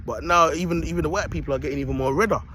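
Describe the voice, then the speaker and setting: A man's voice: on the high side, racing, pushed and bright, slight background noise. A man vlogging outdoors in a park into a phone, streetwise and preachy, in a casual motivational style. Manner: streetwise and preachy, repeats "you get me".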